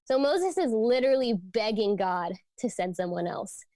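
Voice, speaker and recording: A woman's voice: a little high, expressive, moderate pace, dark tone, no echo. A young woman giving a casual youth sermon, teaching from scripture in an earnest, conversational way with lots of "like" and "um". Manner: conversational, frequent fillers like "like" and "um". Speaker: youth ministry speaker.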